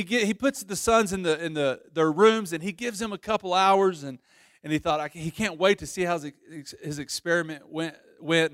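A pastor preaching a sermon, telling a story with lively voices and frequent restarts. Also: male voice, a little high, no room sound, studio quality.

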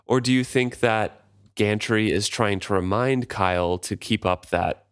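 A man co-hosting a book podcast, reading passages aloud and talking them over in a relaxed way. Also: lowish voice, unhurried, smooth, dry recording, clean studio sound. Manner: relaxed, thinks aloud with restarts. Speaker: podcast co-host. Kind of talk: casual book discussion and read-aloud.

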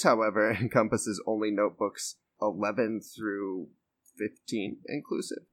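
A young man on a podcast who reads a history text aloud and breaks off into loose, rambling chat full of fillers. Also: lowish voice. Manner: reads steadily, then rambles with fillers and swearing. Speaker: podcast co-host reading aloud.

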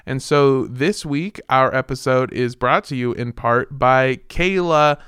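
A man co-hosting a casual podcast, reading sponsor shout-outs in a jokey, rambling way and laughing often. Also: medium pitch, measured pace, smooth, no room sound, clean studio sound. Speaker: podcast co-host.

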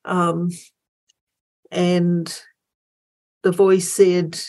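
A woman's voice: lowish voice, little pitch movement, very slow, pauses often, warm tone. A middle-aged woman, a guest in an interview, telling a story with many fillers and restarts and acting out her inner voices. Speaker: guest, former Olympic marathon runner.

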